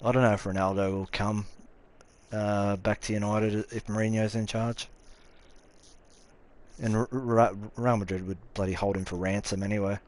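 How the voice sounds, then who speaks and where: A man's voice: lowish voice, little pitch movement, normal speed. A young Australian man streaming a game live, chatting offhandedly with his viewers, swearing freely, and answering chat comments as they come in. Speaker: gaming streamer.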